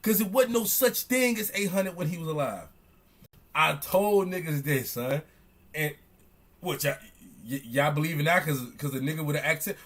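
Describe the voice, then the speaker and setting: A young man, reacting on stream in loud, excitable, slangy commentary that keeps repeating itself. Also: fairly high pitch, moderate pace. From Chicago. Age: young adult.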